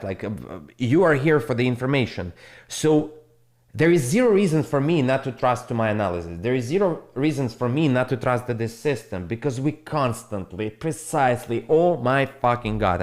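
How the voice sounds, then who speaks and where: Blunt, profane crypto streamer. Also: male voice, mid-range voice, expressive, normal speed, darkish tone. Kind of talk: casual live-stream monologue.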